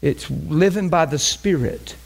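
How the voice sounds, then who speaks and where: Brief: male preacher, slightly raised pitch, emphatic, conversational teaching. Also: unhurried, vocal fry. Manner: emphatic, conversational, repeats phrases. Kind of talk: sermon teaching.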